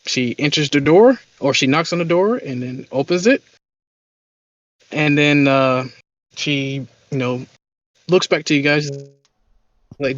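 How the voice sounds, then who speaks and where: A man's voice: mid-range voice, measured pace, pauses often, a bit bright. A man narrating as game master, rambling with lots of filler words. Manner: rambling, full of "you know" fillers. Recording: dull lo-fi audio.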